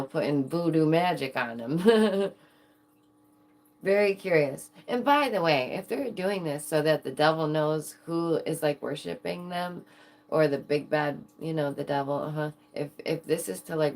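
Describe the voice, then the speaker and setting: Woman, young adult, casual chat, low pitch, playful, giggly asides. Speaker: channel host.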